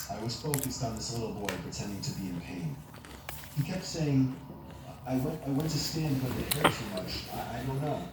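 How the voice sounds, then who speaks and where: A man reading a horror story aloud in an even storytelling delivery. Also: medium pitch. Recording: very echoey, distant, noisy.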